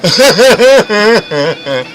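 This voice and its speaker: A man's voice: high voice, big pitch swings, very slow, fairly bright tone, low-quality recording. A man hosting a livestream, ranting and mocking in a crude, profane way, often stammering and restarting. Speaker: livestream host. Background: music playing.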